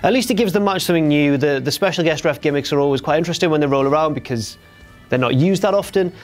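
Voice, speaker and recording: Young host, casual and jokey, slightly higher voice, faint music underneath. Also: male voice, quick pace. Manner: jokey, chatty, breaks into silly impressions. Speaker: host of a wrestling recap show. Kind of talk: casual chat, recap.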